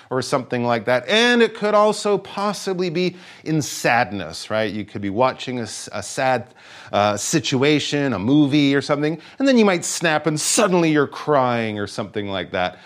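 A man teaching English vocabulary in a relaxed, conversational lesson, often acting out little example voices. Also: medium pitch, moderate pace. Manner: animated, acts out example voices.

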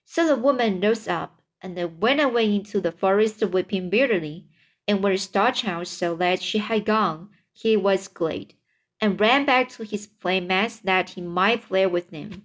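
A woman narrating a fairy tale slowly and carefully for English learners, with a measured storybook reading. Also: mid-range voice.

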